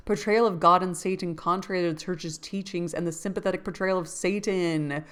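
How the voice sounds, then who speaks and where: A woman's voice: lowish voice, fairly even intonation, a little fast, clean tone. Woman reading aloud with chatty asides. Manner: reads aloud, stops to look things up and muse; laughs to herself, jokey asides. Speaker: book-club host. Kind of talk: casual reading aloud with commentary.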